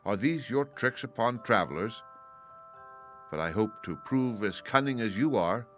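A man's voice: on the low side, animated, unhurried, fairly bright tone, soft background music. A man voicing a bold, cunning young male hero who sounds cocky and offhand. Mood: scornful.

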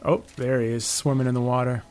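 A man's voice: mid-range voice, fairly even intonation, fast, darkish tone, soft background music. A man giving casual, chatty commentary on his own moves as he plays a video game. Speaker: gameplay commentator.

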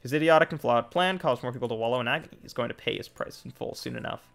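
A man reading a video game's lines for an ancient woman librarian who wants revenge, in a calm, fairly flat voice. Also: medium pitch, rapid-fire, gravelly, soft background music, voice pushed down. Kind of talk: reading game dialogue aloud.

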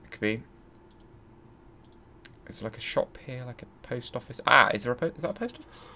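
A man's voice: medium pitch, expressive, normal speed, creaky, sharp tone, a little hiss or hum. A man hosting a let's play, thinking aloud and grumbling as he searches. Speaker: gaming channel host.

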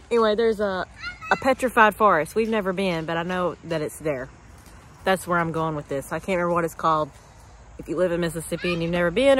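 Woman, Southern American accent, family vlogger, rambling casual chat, handheld camera outdoors, middle pitch, faint background noise. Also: fairly bright tone. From West Tennessee, USA. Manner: rambling, chatty, trails off and restarts mid-thought. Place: outdoors in a home yard.

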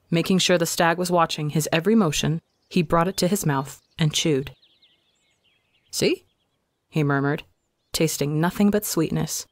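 A man reading a fan story aloud in calm, measured narration. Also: a little high, no room sound, clean studio sound. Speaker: fanfiction reader. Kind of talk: scripted narration.

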